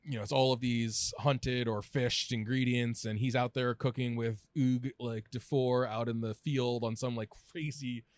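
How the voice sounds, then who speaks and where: A man in his thirties, a food writer and podcast guest, talking casually with lots of restarts, fillers and quick laughs. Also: mid-range voice, steady tone, dry recording. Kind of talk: casual conversational chat.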